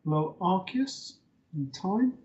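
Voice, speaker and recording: A man's voice: high voice, takes it slowly. Man hosting a live psychic show. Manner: relaxed, hesitant with fillers. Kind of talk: live-stream host talk. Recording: dull lo-fi stream audio.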